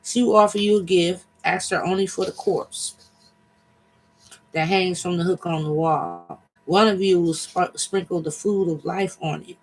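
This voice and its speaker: A wise god lays out careful instructions, read by a man. The tone is instructive and steady. The voice stays high. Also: measured pace, poor audio. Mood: instructing.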